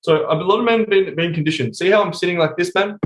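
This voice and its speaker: A man speaking as a coach on a casual podcast interview over a remote call, blunt and animated, swearing constantly. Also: high-pitched, fast, reverberant, poor audio.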